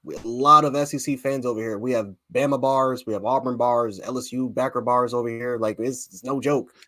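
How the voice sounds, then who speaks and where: Fast-talking excitable man on a dry mic. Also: medium pitch, dry recording. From Buffalo, New York. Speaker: co-host, fan panelist. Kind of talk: casual sports talk.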